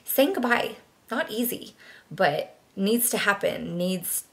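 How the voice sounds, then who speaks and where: A woman's voice: mid-range voice, animated, slow, fairly bright tone. A young woman chatting casually to camera, rambling with lots of fillers and restarts. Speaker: vlogger.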